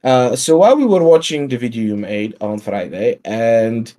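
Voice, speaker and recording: A man's voice: mid-range voice, lively intonation, normal speed, warm tone. A man, a guest on a livestream, ranting in a profane and sarcastic way in casual chat over a video call mic.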